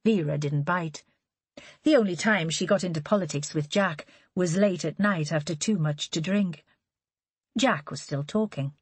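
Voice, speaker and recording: A woman reading a crime novel aloud as an audiobook narrator, with even, measured storytelling. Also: fairly low pitch, slightly rough, dry recording. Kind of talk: scripted narration.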